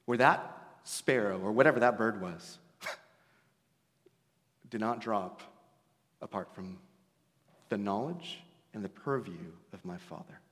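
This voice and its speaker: A man's voice: on the low side, slow, long pauses. Preacher man in a reverberant hall. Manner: conversational, laughing asides, swings from loud to hushed. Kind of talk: sermon.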